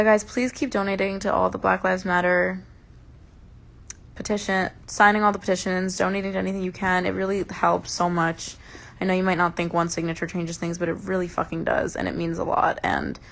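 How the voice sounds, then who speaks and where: A woman's voice: fairly low pitch, normal speed, creaky. A woman hosting a casual livestream chat, talking heatedly and emphatically and swearing often, into a phone held close. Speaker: livestream host.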